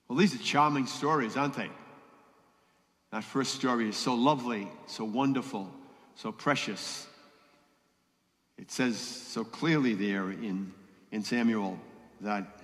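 A man's voice: medium pitch, a little slow, long pauses, fairly bright tone. Older man, priest's homily, chatty, asks the pews questions, long church echo. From Boston area. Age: 70s. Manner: conversational, rhetorical questions to the congregation. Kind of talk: homily at Mass.

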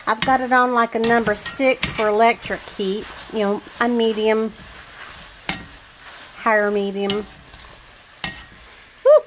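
A woman talks through a recipe in her home kitchen in a chatty, easygoing way. Her voice sits a little high, and she laughs often and stretches some words out. The room gives it a noticeable echo. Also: level tone, measured pace, fairly bright tone, a little hiss or hum. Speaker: home brewing vlogger. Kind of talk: casual kitchen how-to chat.

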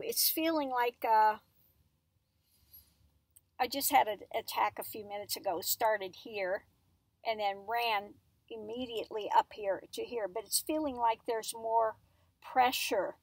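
A woman tarot reader rambles casually at home and coos to her dog in between. Her voice sits a bit high and has a gravelly edge. The sound is dry and close. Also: a little slow, no room sound. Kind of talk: casual chat.

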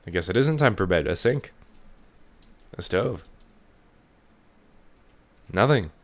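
A man's voice: low-pitched, expressive, slow. A man giving casual let's-play commentary, thinking aloud as he explores. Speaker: let's player. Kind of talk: gaming commentary.

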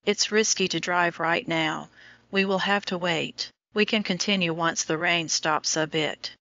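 A woman's voice: lowish voice, steady tone, unhurried, gravelly, sharp tone, dry recording, full character voice. A woman voicing an intense, lovesick young man in an audiobook romance, speaking in an urgent, pleading way. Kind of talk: audiobook dialogue reading. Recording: dull lo-fi audio.

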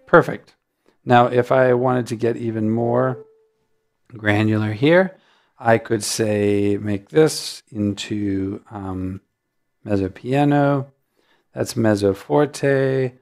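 A man hosting a music notation software tutorial, explaining settings in a relaxed way with frequent ums. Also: medium pitch, slow pace, vocal fry. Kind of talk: screen-recorded software tutorial.

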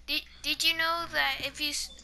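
High, very bright playful woman gamer. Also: flat delivery, moderate pace, gravelly, a little hiss or hum. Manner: playful, jokey banter, silly sound effects. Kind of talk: casual chat while playing a video game.

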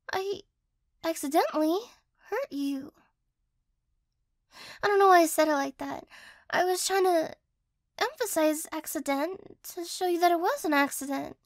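A woman voicing a sleepy, apologetic cat-girl girlfriend in a whispered role-play, speaking softly and hesitantly close to the mic. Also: extremely high pitch, animated, measured pace, pauses often, dry recording. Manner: soft, gentle, hesitant and apologetic. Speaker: ASMR role-play artist.

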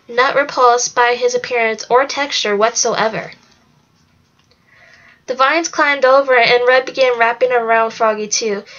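A woman reads a novel aloud in a fairly high voice, keeping a steady pace and now and then stumbling and correcting herself. The home recording is dull and lo-fi. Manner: steady reading with occasional slips and self-corrections. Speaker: narrator.

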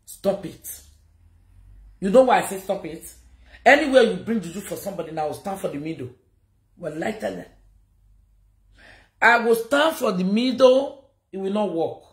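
A woman's voice: lowish voice, normal speed, long pauses, roomy sound. Emotional Nigerian woman scolding on live video. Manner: emotional, scolding, repeats warnings. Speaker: social media personality. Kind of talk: direct-to-camera live video message.

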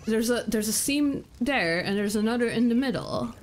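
A woman's voice: a little high, lively intonation, moderate pace, slight background noise. A young woman streaming a video game, chatting casually, giggling and breaking off her own sentences. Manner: chatty, giggly, self-interrupting. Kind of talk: casual gameplay commentary.

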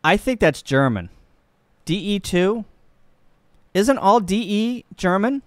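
A man from Missouri, a ham radio operator, chatting casually and joking on a live stream while he works the radio and thinks out loud. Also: high voice, animated, takes it slowly, dry recording. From Missouri, USA.

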